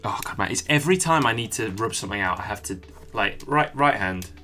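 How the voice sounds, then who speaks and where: A man's voice: on the low side, lively intonation, brisk, bright, forceful tone, faint music behind. A young man chatting casually while he draws, muttering and swearing as he gets frustrated. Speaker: artist streamer. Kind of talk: casual drawing commentary.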